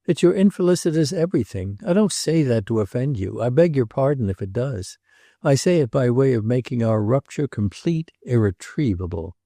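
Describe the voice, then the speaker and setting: A man's voice: mid-range voice, animated, normal speed, no room sound, clean studio sound, pitched above the performer's own voice, natural voice. A man doing a defiant young sculptor. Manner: sharp, defiant, curt. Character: impulsive, bitter young male sculptor.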